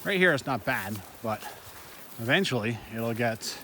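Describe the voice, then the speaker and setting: A man's voice: mid-range voice, lively intonation, unhurried, pushed and bright, slight background noise. Shaken man vlogging on a mountain trail. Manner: shaken, swearing, breathless retelling of a bear encounter; rambling, repeats himself. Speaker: solo backpacker filming his hike. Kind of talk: handheld trail vlog.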